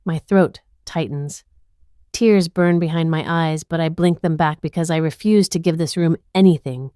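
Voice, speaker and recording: A woman's voice: low-pitched, normal speed, warm tone, smooth, no echo, clean studio sound. A woman narrating a dramatic first-person story with a tense inner-monologue delivery.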